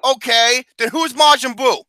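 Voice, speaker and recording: A man hosting a casual podcast, loud, brash and teasing his co-hosts. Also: very high voice, steady tone, a little slow, no echo. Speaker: podcast host. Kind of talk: casual chat.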